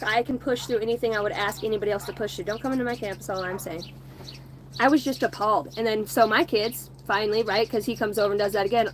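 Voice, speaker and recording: An American woman hosting a spiritual livestream, telling a rambling, profanity-laced story in casual, animated talk. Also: on the high side, slight background noise. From United States. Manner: profane, animated, fast-rolling anecdote. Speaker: livestream spiritual channel host. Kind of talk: casual storytelling to a live audience.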